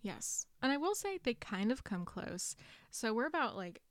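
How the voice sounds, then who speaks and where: A young woman co-hosting a podcast, calmly filling in plot details in casual chat about a book. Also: a little high, normal speed, no echo. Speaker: podcast co-host.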